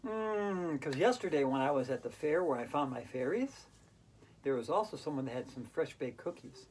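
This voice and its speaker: A woman's voice: deep voice, animated, normal speed, darkish tone, a little hiss or hum, low-quality recording. A woman leading a playful hula hoop yoga class for kids, talking in a silly, enthusiastic, sing-song way. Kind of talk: playful instructional talk for kids.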